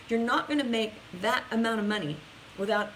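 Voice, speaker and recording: A woman's voice: on the high side, normal speed, a bit bright, a little hiss or hum, low-quality recording. A woman business coach hosting a casual live stream, chatting straight to her viewers in an upbeat, talkative way, with frequent restarts.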